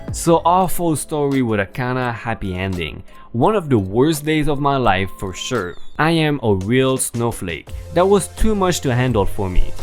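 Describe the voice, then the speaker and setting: A man narrating online stories for a channel, reading aloud expressively and adding his own commentary. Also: mid-range voice.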